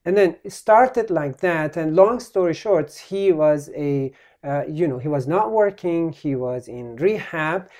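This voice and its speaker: A male physician telling a story as a podcast guest, halting and full of restarts. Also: fairly high pitch, animated, darkish tone. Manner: halting, with many restarts and trailing phrases.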